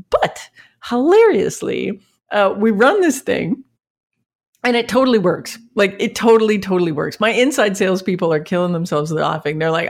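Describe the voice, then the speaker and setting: A woman telling a work story to an interviewer in an animated, anecdotal way, laughing often as she goes. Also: on the high side, moderate pace. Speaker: marketing leader.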